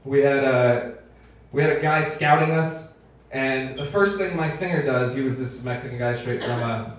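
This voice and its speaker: A man's voice: mid-range voice, normal speed. A young man doing a stand-up set in a comedy club, laughing through his punchlines and swearing a lot. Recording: echoey club mic from far off, loud room noise.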